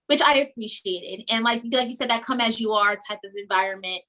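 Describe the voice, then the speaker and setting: A young woman from New York, a guest telling stories in a casual interview, animated and often repeating words. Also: fairly high pitch, brisk. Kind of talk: casual chat.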